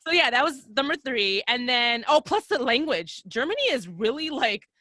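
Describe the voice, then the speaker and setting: A young adult woman chatting on a podcast with a bright, forceful edge and a voice pitched a bit high. She tells stories loosely and swears a lot, slipping into the voices of the people she quotes. The sound is close and dry. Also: normal speed, no room sound. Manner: profane, animated storyteller who acts out quoted voices. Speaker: podcast guest. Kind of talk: casual chat.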